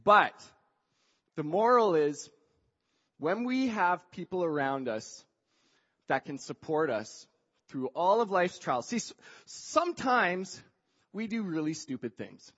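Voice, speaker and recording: Male storyteller, high-pitched, lively and conversational, dull lo-fi recording. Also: slow, pauses often, slightly rough, long reverb tail. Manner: chatty, acts out quoted dialogue, frequent "like" fillers. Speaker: speaker telling a personal story. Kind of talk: animated personal storytelling with a moral.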